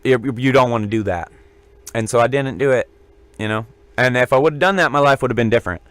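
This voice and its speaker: Man, podcast co-host, loose joking storyteller, mid pitch, dry close sound. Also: brisk, smooth, no echo. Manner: rambling, joking anecdotes. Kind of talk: casual storytelling.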